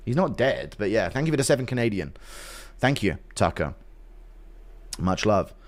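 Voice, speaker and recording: A man's voice: deep voice, lively intonation, normal speed. A man hosting a livestream, chatting casually, swearing and laughing as he reads out viewer donations. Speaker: livestream host. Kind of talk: casual commentary chat.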